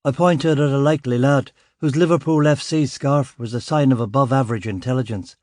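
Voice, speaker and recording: A man reading a crime novel in first person, with a dry, sardonic, gruff delivery. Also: medium pitch, brisk, darkish tone, no echo. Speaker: audiobook narrator. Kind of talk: first-person scripted narration.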